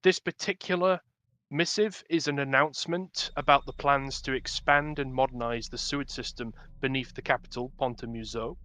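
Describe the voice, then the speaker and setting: A man's voice: mid-range voice, steady tone, normal speed, sharp tone, no echo. A man running a tabletop game as game master, describing scenes at length with many ums and restarts.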